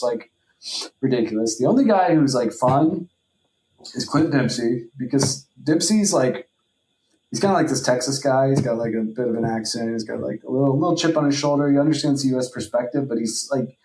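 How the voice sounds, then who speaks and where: A man's voice: medium pitch, a little mellow, a little hiss or hum. A man co-hosting a podcast in casual chat. He rambles with heavy filler words and swearing. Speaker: podcast co-host. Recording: echoey room.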